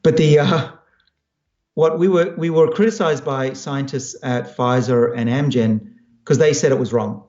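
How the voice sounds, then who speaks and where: A man's voice: mid-range voice, a little mellow, echoey room, muffled recording. A man in his fifties from Australia, a scientist thoughtfully explaining his work while answering audience questions. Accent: Australian with American-sounding turns. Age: 50s. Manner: thoughtful, explanatory, frequent restarts. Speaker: scientist guest.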